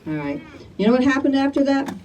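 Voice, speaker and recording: A woman's voice: high voice, big pitch swings, quick pace, a little mellow, distant mic, a little hiss or hum, rough recording. An older woman from Chicago, speaking emphatically to a crowd at an outdoor community rally. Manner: emphatic, rallies the crowd with "all right?". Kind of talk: impassioned public testimony.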